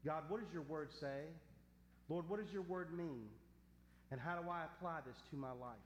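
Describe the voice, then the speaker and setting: Earnest preaching man in an echoey church. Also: fairly high pitch. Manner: earnest preaching, slows to stress key words. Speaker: pastor. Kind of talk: sermon and closing prayer. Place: church sanctuary. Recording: echoey hall with faint hum.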